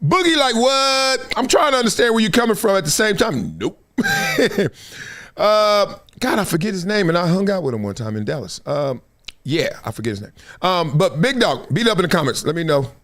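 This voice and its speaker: A man's voice: sits high, normal speed. A man hosting a live sports talk show, telling stories with lots of laughter and acting out the people he quotes. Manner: animated storytelling, acts out quoted voices; laughs often between remarks. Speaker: show host.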